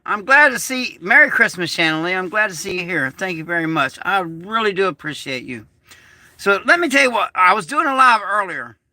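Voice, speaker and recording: A man telling a rambling, excitable story on a casual livestream, swearing and restarting often. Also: high-pitched, fairly quick, no room sound. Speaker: prepper vlogger. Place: small shed turned bunker.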